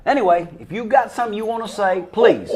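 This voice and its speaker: A man's voice: high voice, fast, a crowd in the background. A man, co-hosting a local show with drawling, folksy, playful banter. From Tampa, Florida. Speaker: show co-host. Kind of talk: folksy casual chat.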